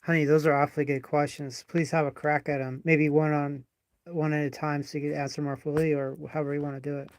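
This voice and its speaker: A man talking casually to a phone app on a livestream, halting and full of fillers, calling it honey. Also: fairly high pitch, little pitch movement, no echo. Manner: halting, filler-heavy, calls her honey. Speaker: app user hosting a livestream.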